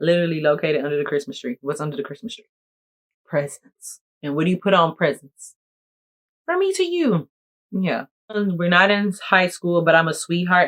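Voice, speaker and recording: A woman content creator chatting casually to camera in a playful, jokey, animated way. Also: low-pitched. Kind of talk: casual vlog talk to camera.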